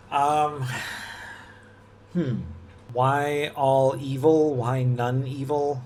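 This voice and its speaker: A man thinking aloud as he works through a puzzle, musing and halting, often restarting his sentences and laughing softly. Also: medium pitch, level tone. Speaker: puzzle-solving video host.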